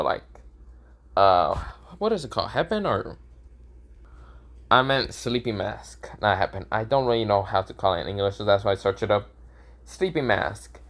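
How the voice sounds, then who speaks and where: A man's voice: on the low side, a bit bright. A young man improvising a fan story, rambling and correcting himself, swearing casually.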